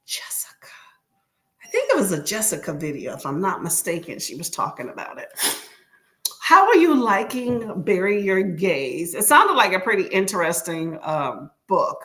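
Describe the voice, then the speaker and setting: A woman's voice: mid-range voice, bright, forceful tone. A woman hosting a casual livestream, chatting with viewers by name and laughing often, her throat a little choked up. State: slightly choked up, clearing throat. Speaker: livestream host. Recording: echoey room.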